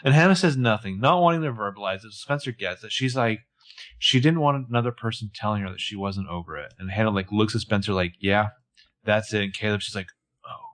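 A man's voice: lowish voice, fast talker. A man co-hosting a casual podcast, recapping a TV episode scene by scene and acting out the characters' lines. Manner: animated, recounts scenes with acted quotes. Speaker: podcast co-host.

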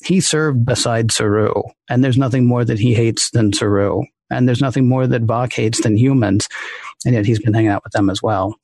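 A man's voice: mid-range voice, steady tone, normal speed, a little mellow, no echo. A man co-hosting a live show, chatting casually and rambling with restarts. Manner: rambling, self-interrupting. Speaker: podcast co-host.

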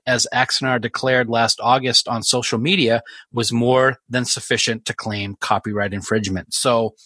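A man co-hosting a fan podcast in casual chat, halting and restarting often, with dry asides. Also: mid-range voice, bright, forceful tone, no echo. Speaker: podcast co-host.

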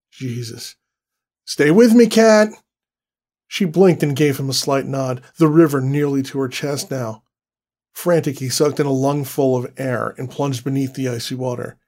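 A man giving a scripted horror story narration in a slow, deliberate, dramatic way. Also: mid-range voice, a little mellow.

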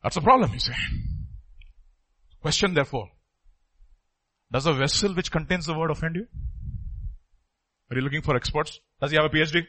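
A middle-aged man preaching a sermon, emphatic, repeating phrases and swinging between loud and soft. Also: a little high, a little fast, long pauses, poor audio.

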